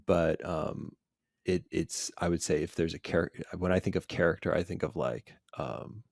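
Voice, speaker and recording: A man's voice: deep voice, fairly even intonation, moderate pace, gravelly, a little mellow, dry recording, clean studio sound. A man talking as a psychiatrist guest in a casual podcast chat, loose and full of "like" fillers. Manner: loose, filler-heavy, lots of "like". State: busy parent.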